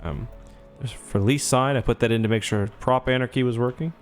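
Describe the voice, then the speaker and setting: A man's voice: medium pitch, a little fast. Young male streamer, rambling casual chat over faint music. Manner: chatty, rambling, thanks viewers. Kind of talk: casual gameplay livestream.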